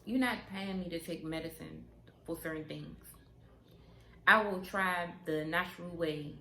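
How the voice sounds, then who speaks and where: A young woman vlogger chatting candidly to camera, unhurried and frank, repeating her points for emphasis. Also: lowish voice, creaky. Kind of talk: candid casual chat to camera. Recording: roomy sound with steady background noise.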